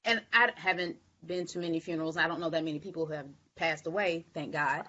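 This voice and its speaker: A woman speaking in a measured, thoughtful way as a co-author in a live stream conversation. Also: sits low, pushed and bright, highs cut off. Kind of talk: casual conversational chat.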